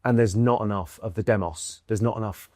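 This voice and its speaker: A man's voice: lowish voice, fairly even intonation, fairly quick, warm tone, no room sound. A man from the United Kingdom, a comedian guest in a casual conversation, musing aloud with dry wit and many restarts. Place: indoor room in London.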